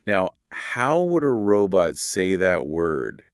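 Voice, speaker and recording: A man hosting a podcast, explaining English pronunciation in a calm, measured scripted teaching dialogue. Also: sits low, smooth, no echo, studio quality.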